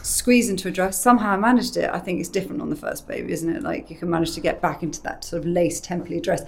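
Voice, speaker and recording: A woman's voice: lowish voice, quick pace, creaky. A woman in her thirties, a makeup artist chatting casually and acting out the people in her stories. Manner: animated storyteller who acts out quoted voices. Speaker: makeup artist and brand ambassador. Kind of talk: casual chat.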